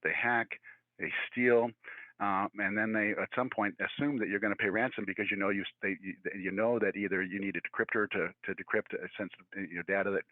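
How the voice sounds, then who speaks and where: A man, likely in his sixties, giving a virtual presentation in a fast, conversational way with many fillers and restarts. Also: fairly low pitch, steady tone, no room sound. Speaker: guest speaker. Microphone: video call. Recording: tinny phone-like audio, dry.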